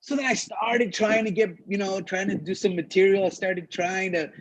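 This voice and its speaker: A comedian from Los Angeles telling a story in casual chat, animated and profane, acting out the people he quotes. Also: sits high, normal speed, no room sound. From Los Angeles, USA. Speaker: comedian podcast co-host. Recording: dull lo-fi dry sound.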